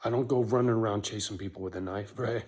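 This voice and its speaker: Here the dog-rescue vlogger talks fast, his low, darkish voice holding a fairly even intonation. Addressing the camera directly, he delivers a loose, emotional, profane monologue and keeps tossing in "right?".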